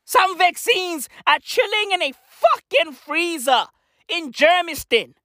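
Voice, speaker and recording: A woman's voice: very high voice, sing-song, slow pace, pushed and bright, dry recording, clean studio sound. A woman, a podcaster, ranting casually with lots of swearing and slangy repetition. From South Africa.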